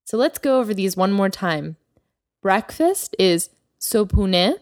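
A woman hosting a language lesson podcast as the teacher, speaking clearly and slowing down to model new words. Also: medium pitch, very animated, a little mellow, no room sound, clean studio sound. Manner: clear teacherly delivery, slows down for vocabulary. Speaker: Persian teacher, podcast host.

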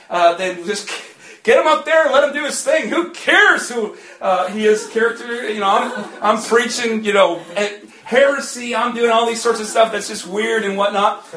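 Male preacher, high-pitched, candid confessional testimony, echoey church room. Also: fairly bright tone. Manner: candid and confessional, building to fervent emphasis. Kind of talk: personal testimony sermon.

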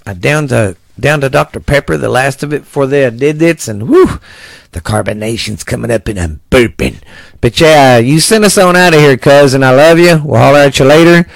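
A man hosting a casual podcast, chatting loosely and filling gaps with uh and you know. His voice sits at an ordinary middle pitch. The recording is dry and close, with no room echo. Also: normal speed, creaky. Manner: laid-back, rambling, lots of fillers. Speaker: podcast host.

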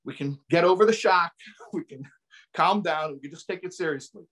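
A man's voice: fairly high pitch, normal speed, a bit bright. A man giving an impassioned sermon as a rabbi, often repeating phrases for emphasis and sprinkling in Hebrew and Yiddish terms.

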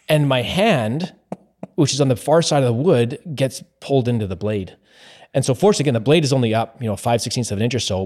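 Male podcast host, mid-range voice, animated storyteller who acts out his own quotes. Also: mid-range voice. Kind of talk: casual storytelling chat.

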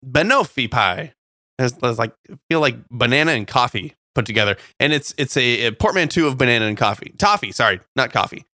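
A man's voice: medium pitch, expressive, fairly quick, pushed and bright, no room sound, studio quality. A man co-hosting a cooking show, chatting playfully and joking with his co-host. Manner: playful, jokey, laughs often. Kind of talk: casual banter.

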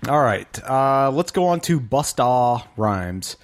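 A man's voice: mid-range voice, lively intonation, takes it slowly. A man hosting a casual chat podcast, joking as he runs through news items by category. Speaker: podcast host.

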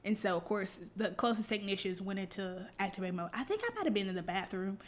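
A young woman telling clinic stories on a podcast, laughing often and acting out the people in them. She talks in a casual, animated way, and her voice swings between high and low. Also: quick pace. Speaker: podcast co-host, veterinary technician. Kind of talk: casual storytelling chat.

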